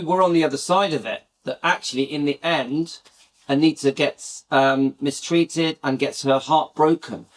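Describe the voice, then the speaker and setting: A man's voice: on the high side, fairly bright tone. A British man hosting his channel, chatting casually and enthusiastically to viewers in a rambling way. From Britain. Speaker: channel host.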